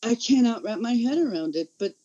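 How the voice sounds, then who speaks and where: A man who works as an autistic advocate, talking in earnest, impassioned and halting casual conversation. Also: very high voice, animated, dark tone, highs cut off. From Central California.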